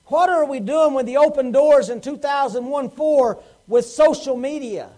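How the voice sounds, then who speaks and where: A pastor delivers a Sunday sermon in a church sanctuary. His voice sits unusually high for a man. He presses the congregation with questions and acts out the lines of the people in his stories. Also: normal speed, mellow, poor audio. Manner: preaching with rhetorical questions and acted quotes.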